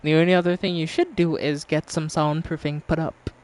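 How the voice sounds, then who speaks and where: A woman's voice: low voice, steady tone, moderate pace, darkish tone. A woman streaming a game, chatting casually with her audience, teasing and laughing often and swearing freely.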